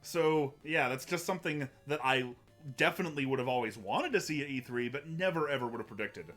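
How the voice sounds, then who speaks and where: A man's voice: medium pitch, brisk, fairly bright tone, faint music behind. A man hosting a casual livestream, talking in a rambling way with many restarts and fillers. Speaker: host.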